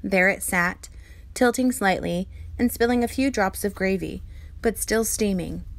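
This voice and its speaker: A woman reading a children's novel aloud in a clear, expressive storytelling manner. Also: medium pitch. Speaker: reader.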